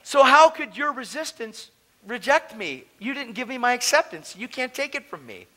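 A man telling his testimony at a conference, animated and casual, swinging between loud bursts and hushed asides. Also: very high-pitched, moderate pace, poor audio. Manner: casual slangy talk. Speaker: conference speaker. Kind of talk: preaching personal testimony. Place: conference hall, live audience.

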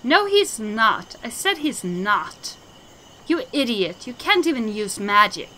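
A woman's voice: fairly high pitch, sing-song, slow, pushed and bright, slight background noise, full character voice. A woman voicing a fiery young girl apprentice. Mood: indignant. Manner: indignant, scolding. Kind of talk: game dialogue voicing.

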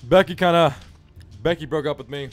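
Faint music plays behind a young man with a fairly high-pitched voice who does casual, brisk gameplay commentary for his gaming YouTube channel. He's joking, laughing and putting on silly accents.

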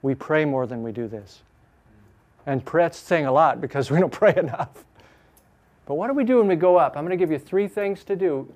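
This Chicago Bible teacher dwells on each scripture phrase with slow emphasis, then picks up speed and liveliness as he explains. His voice runs on the high side.

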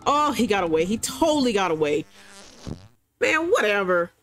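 Excitable woman yelling at a game. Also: medium pitch, normal speed, soft background music. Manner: excitable, yells commands at the game; casual slangy banter. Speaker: gamer. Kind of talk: let's-play commentary. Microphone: desk mic.

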